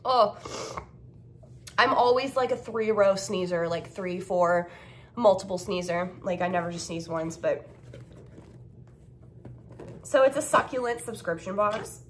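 A woman's voice: mid-range voice, unhurried, pauses often, a little hiss or hum. A young woman vlogging in a casual, blunt, profane ranting way. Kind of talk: casual vlog chat.

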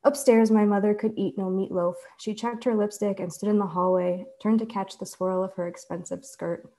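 A woman author reading her own fiction aloud in a measured, deliberate way. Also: medium pitch, steady tone, warm tone, slight background noise. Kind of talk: literary reading.

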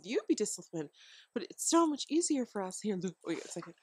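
With a medium-pitched, sing-song, slightly mellow and husky voice, a woman talks briskly to the camera. She's a homeschooling parent outdoors at home near a chicken-filled deck area, giving rambling, casual parenting advice full of fillers and chuckles.

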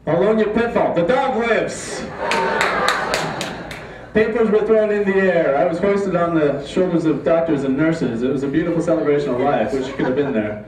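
A man tells a funny true story to a live audience in a deadpan, mock-dramatic way. His voice is caught from a distance in an echoey room. There is a faint hum of ambience behind him. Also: a little high, fast. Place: live stage before an audience.

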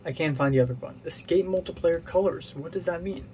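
A man talking himself through a game puzzle, muttering his guesses aloud and now and then mocking his own mistakes. His voice sits a little above the usual pitch for a man, and a faint hiss runs underneath it. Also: quick pace, mellow. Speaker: gaming channel host. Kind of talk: playing a puzzle game while thinking aloud.

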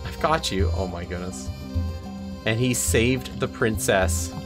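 A man hosting a let's play, reacting to the game aloud in an excitable, exclaiming, self-mocking way. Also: on the low side, slow pace. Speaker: gaming channel host. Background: game music.

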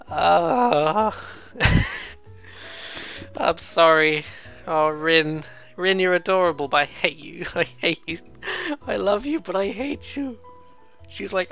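A let's play host giving casual, giggly commentary on a game, making quick self-deprecating asides. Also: medium pitch, big pitch swings, a bit bright, soft background music.

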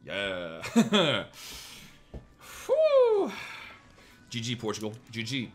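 Excitable swearing man commenting on gameplay. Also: on the low side, moderate pace, faint music behind. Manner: excitable, swearing, jokey outbursts. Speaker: gameplay streamer.

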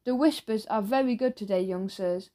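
A woman's voice: mid-range voice, moderate pace, dark tone, natural voice. A woman voicing an overly eager, chatty male newsagent who keeps pushing sweets in a salesy, fawning way.

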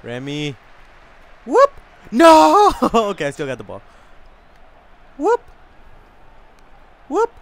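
A man commenting on a video game he is playing. He talks in an excitable way, yells a lot and swears often. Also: a little high, slow pace, long pauses. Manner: excitable, yelling and cursing a lot. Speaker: gaming channel host.

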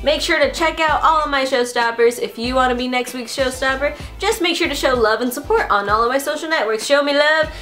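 A young woman with a high, bright-pitched voice chatters through a quiz on her vlog, swearing freely and flipping between mock outrage and giggles. Faint music plays softly behind her. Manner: excitable and profane, swearing constantly. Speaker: YouTuber taking an online quiz. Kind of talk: casual vlog commentary.

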